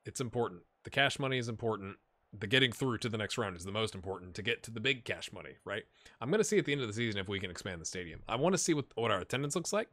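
A man's voice: fairly low pitch, lively intonation, rapid-fire, a bit bright, no echo. A man hosting a gaming video, giving rambling, chatty commentary with jokey asides to the players. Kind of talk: casual gameplay commentary.

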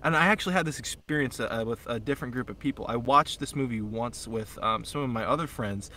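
A young man with a bright, forward voice talks in loose, excitable podcast chat. He swears freely and trips over restarts and fillers as his enthusiasm runs ahead of his words. His pitch sits at an ordinary middle level. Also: quick pace, slight background noise. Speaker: podcast co-host. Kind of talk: casual chat.

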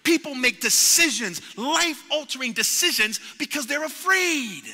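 A man preaching in a church sanctuary, his voice high and bright with a hard edge. He builds with passion, repeats his words and voices the people in his story. The sound carries a long reverb from the hall. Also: animated, measured pace. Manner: impassioned preaching with repetitions and acted-out quotes. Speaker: pastor. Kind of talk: sermon.

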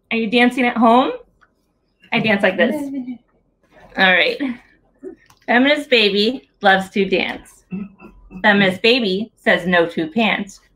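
A woman's voice: fairly high pitch, a bit bright. A woman in her thirties reading her picture book aloud at a story hour over a video call, in a playful sing-song way that talks straight to young children.

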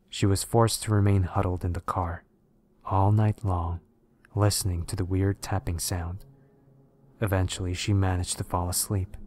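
A man narrating scary stories in a steady, measured way. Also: deep voice, a little hiss or hum. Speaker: horror story narrator. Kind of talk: scripted narration of horror stories.

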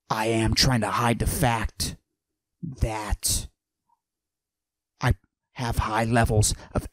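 A man doing a cocky macho character who forces his voice deep and breathy, in a comedic podcast monologue. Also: dry recording. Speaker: podcast host.

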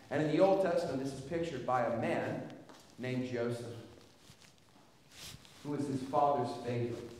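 A man preaching a sermon with passion, his voice rising to loud peaks as he reads scripture. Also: medium pitch, slight background noise. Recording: echoey hall, from a distance.

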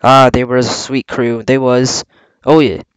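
A man's voice: mid-range voice, level tone, measured pace, clear, resonant tone, no room sound, natural voice, low-quality recording. A man reading aloud, voicing a scheming older pirate cook with a coaxing, blustering sailor manner. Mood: scornful.

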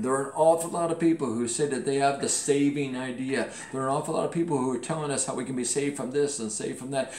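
A man preaching a sermon as pastor, earnest, slowing down to stress key phrases and dropping softer toward the close. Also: mid-range voice. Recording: echoey room.

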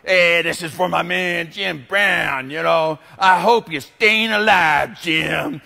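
A man doing a slow, smooth-talking late-night radio DJ. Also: a little high, pushed and bright, full character voice. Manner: slow, drawn-out radio patter.

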